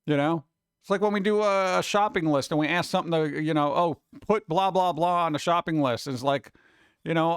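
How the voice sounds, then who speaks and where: Guy streamer rambling on, kinda high voice, super dry mic. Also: fairly quick, clear, resonant tone, no room sound. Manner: rambling, mimics robot voices. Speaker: streamer host. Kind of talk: casual stream chat.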